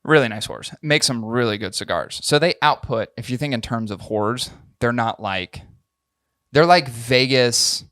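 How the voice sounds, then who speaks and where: A man's voice: medium pitch, measured pace, a bit bright, no room sound, clean studio sound. A young adult man co-hosting a podcast in casual chat, crude and joking, often laughing as he tells stories. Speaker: podcast co-host.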